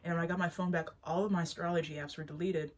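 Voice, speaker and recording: A woman's voice: on the low side, racing. Rambling, chatty young woman vlogger. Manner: rambling, animated, laughs often, restarts sentences. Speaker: spiritual vlogger. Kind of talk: casual chat to camera.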